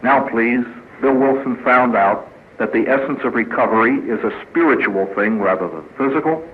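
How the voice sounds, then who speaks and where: A priest giving a humorous inspirational talk at a recovery meeting, telling stories with punchlines and acting out the people in them. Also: male voice, mid-range voice, moderate pace. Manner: storytelling with punchlines, voices quoted characters. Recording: tinny lo-fi archive recording with faint hiss.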